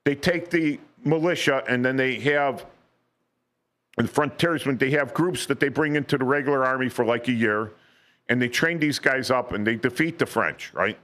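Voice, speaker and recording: A man's voice: medium pitch, moderate pace, a bit bright. A man on local radio talking history in a casual way, often repeating words and asking "right?". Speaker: radio guest. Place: radio studio.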